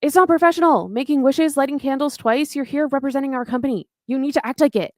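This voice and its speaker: A woman voicing a curt young woman who scolds a coworker, in a raised, sharp tone. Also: high voice, fast talker, dry recording, pitched above the performer's own voice, natural voice. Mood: scolding.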